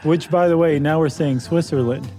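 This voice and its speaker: A man's voice: on the high side, normal speed, warm tone, soft background music. A man co-hosting a podcast in casual chat, playful and bantering, a little worn out, speaking into a close studio microphone. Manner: playful, bantering, tired-sounding. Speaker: podcast co-host.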